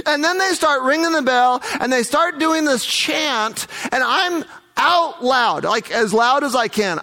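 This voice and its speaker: A man's voice: very high-pitched, pushed and bright. A man working as a missionary tells a first-person testimony story, earnest and vivid, acting out the dialogue.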